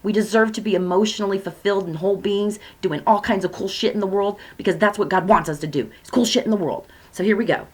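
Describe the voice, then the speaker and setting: A woman tarot reader talking casually and self-mockingly to her viewers, her voice swinging between loud bursts and soft asides. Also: medium pitch, fast talker, hardly any pauses. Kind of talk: casual spiritual reading chat.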